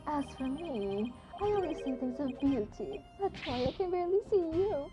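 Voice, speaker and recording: A preening game character, a pompous man full of himself, as a woman puts him on. He sounds haughty and affected, with a high voice that swings widely. Music plays underneath. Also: sing-song, normal speed, highs cut off. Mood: smug. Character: vain pompous man obsessed with beauty.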